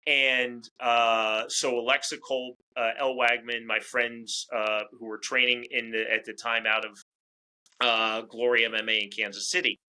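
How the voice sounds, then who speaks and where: A man talking as a guest in a casual interview, chatty and quick to restart his words. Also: mid-range voice, level tone, bright, forceful tone, poor audio. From United States. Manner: talkative, repeats words as he restarts. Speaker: fight commentator, interview guest.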